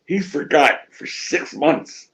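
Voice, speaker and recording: A man's voice: on the high side, slow pace. A middle-aged man telling stories in an interview, acting out what people said and swearing freely. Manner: animated storyteller acting out quotes, swears freely. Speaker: wrestling promoter interviewee. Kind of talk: shoot interview storytelling.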